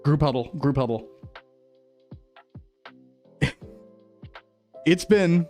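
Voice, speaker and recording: Rambling young man streamer, slightly high. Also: drawn-out words, a little mellow, soft background music. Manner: rambling, repeats phrases, laughs often. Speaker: VTuber streamer. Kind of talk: reflective casual stream chat.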